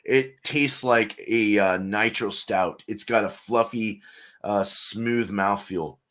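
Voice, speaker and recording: Enthusiastic low-voiced beer guy. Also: slow, fairly bright tone. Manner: enthusiastic, loose and filler-heavy. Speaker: guest beer reviewer. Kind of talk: casual beer review chat.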